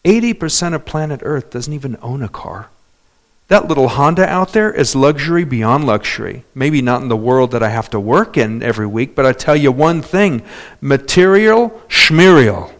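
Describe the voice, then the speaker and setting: A man preaching a sermon, calling out for amens and hallelujahs, swinging between loud emphatic points and quiet asides. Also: mid-range voice, moderate pace. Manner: animated, calls for amens and hallelujahs.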